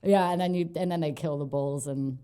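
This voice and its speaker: A young woman with a mellow, warm tone and a slightly low voice talks through a story on a podcast. She swears freely, laughs easily and keeps the telling lively and loose. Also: brisk, clean tone. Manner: animated, profane, laughing storyteller. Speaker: comedian guest.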